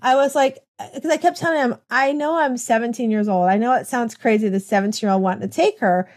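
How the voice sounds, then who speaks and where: A woman hosting an interview podcast, her voice sitting a little high. She talks with eager enthusiasm in long, rambling runs, often restarting her sentences. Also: brisk, a little mellow. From United States. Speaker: podcast host. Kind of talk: conversational interview.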